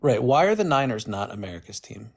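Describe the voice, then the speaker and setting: A male caller with a gravelly, lowish voice and a flat, monotone delivery. He talks casually and argues his point steadily. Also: brisk. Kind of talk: casual chat.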